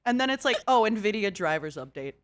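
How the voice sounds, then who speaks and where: A young woman hosting a casual chat on her stream, giggly and animated, laughing often. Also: mid-range voice, brisk. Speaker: VTuber host. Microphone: XLR microphone.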